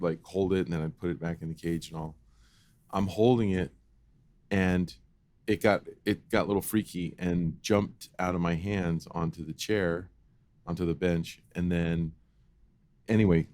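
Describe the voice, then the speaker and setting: A man co-hosting a podcast, telling a childhood story in an animated, casual way and acting out the voices. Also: sits low, moderate pace, dry recording. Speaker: podcast co-host.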